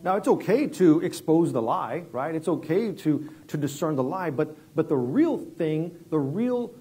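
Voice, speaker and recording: A middle-aged man preaches as a guest pastor, his voice mellow and slightly husky. he talks loosely, stumbling over repeated words, then drops to a near hush for the tense parts of a story. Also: on the high side, lively intonation, unhurried. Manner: conversational, repeats words and restarts, drops quiet for dramatic story moments. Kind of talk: sermon with storytelling.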